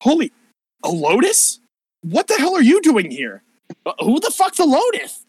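A man voicing a brash warrior woman who swears constantly and barks orders fast. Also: a little high, animated, bright, forceful tone, dry recording, low-quality recording. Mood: frantic, bossy. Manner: profane, rapid-fire, exasperated.

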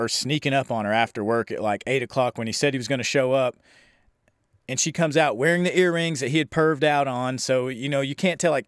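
Young guy rambling through a horror movie recap, sarcastic and sweary, mid pitch, dead dry room. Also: dry recording. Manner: rambling, profane, sarcastic, acts out quotes. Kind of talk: casual movie review.

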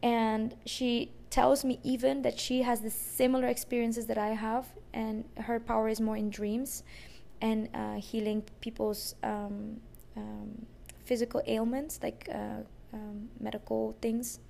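A woman's voice: a little high, little pitch movement, a little slow, creaky, dark tone. A woman podcast host telling a personal story in an emotional, rambling way, with many fillers and restarts.

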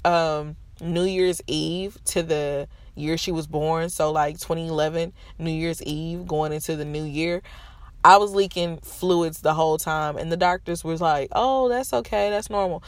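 A woman's voice: low-pitched, little pitch movement, measured pace, no echo. A woman in her thirties telling viewers a painful personal story from her parked car, frank and emotional, with a stuffy nose. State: stuffy nose from holding back tears. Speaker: vlogger. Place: parked car in a school parking lot.

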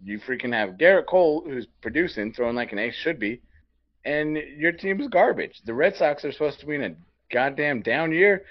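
A man on a sports podcast, ranting with fire and swearing in nearly every sentence. His voice sits a little high for a man. The audio is dull and lo-fi. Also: animated, moderate pace. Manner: profane, fired-up ranting. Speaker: podcast co-host. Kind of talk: heated sports rant.

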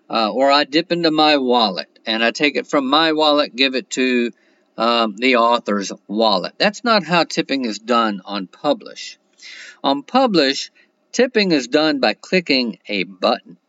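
A man's voice: mid-range voice, fairly bright tone, dry recording, lo-fi sound. A man hosting a solo podcast, talking plainly and counting his points off one by one. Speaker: podcast host.

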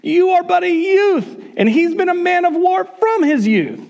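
A man's voice: very high-pitched, very animated, unhurried, gravelly, darkish tone, pitched above the performer's own voice, heavily acted. A man voicing a king who dismisses a youth as too young to fight. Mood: dismissive. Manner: dismissive, incredulous. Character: doubtful king, older man.

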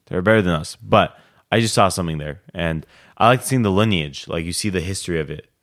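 A man co-hosting a podcast in casual chat, talking slowly and measuredly with dry quips. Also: low-pitched, fairly bright tone. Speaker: podcast co-host.

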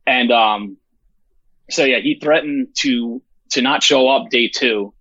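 A man's voice: medium pitch, takes it slowly, pushed and bright, dry recording, muffled recording. A man who organizes a festival, talking bluntly and with lots of swearing in a rambling, casual interview. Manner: profane, blunt, rambling with fillers.

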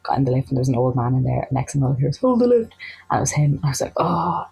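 An Irish woman telling a personal anecdote in a chatty, animated way, acting out the lines of the people in it. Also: extremely low pitch, racing, vocal fry, slightly rough, low-quality recording. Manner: chatty, animated, acts out quoted dialogue. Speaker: storyteller.

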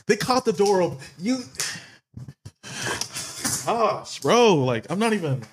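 A man's voice: high voice, big pitch swings, slow pace, slight background noise. Flustered laughing young man host. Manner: laughing, flustered, often apologizing. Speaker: podcast host. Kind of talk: casual chat.

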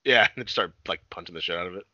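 A man's voice: low voice, very fast, pushed and bright, no room sound. A young man chatting casually, retelling a show in a rambling, profane way and acting out its lines. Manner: rambling, profane, laughing, acts out quotes. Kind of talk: casual chat recapping a show. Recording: dull dry lo-fi audio.

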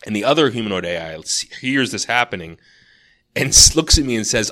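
Male podcast co-host, low voice, loose rambling storyteller in casual chat. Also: lively intonation, a little fast, sharp tone. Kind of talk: casual chat, telling a dream.

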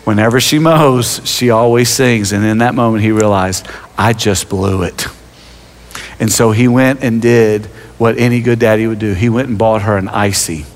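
A man's voice: fairly low pitch, fairly even intonation, normal speed, hardly any pauses. Reverberant male pastor telling stories. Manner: storytelling, self-deprecating humor, frequent stammered restarts. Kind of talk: sermon with personal stories. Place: church sanctuary. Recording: long reverb of a large hall.

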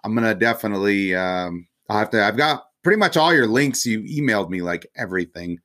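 A man's voice: on the low side, animated, fairly quick, fairly bright tone. A man hosting a podcast, chatting casually with his guest, laughing often and reacting with enthusiasm. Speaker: podcast host. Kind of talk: casual interview chat.

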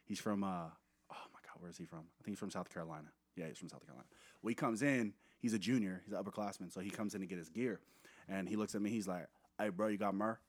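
Brief: young man, lowish voice, rapid lively storyteller. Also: breathy edge. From Seattle area, USA. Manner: quick, animated storyteller who acts out voices in anecdotes. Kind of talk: casual chat.

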